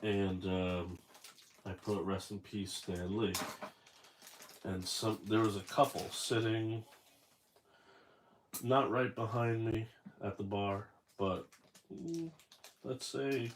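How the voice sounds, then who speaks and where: A man's voice: on the low side, takes it slowly, pauses often, a little hiss or hum. A man unboxing a toy figure and chatting casually, rambling and correcting himself as he tells a story.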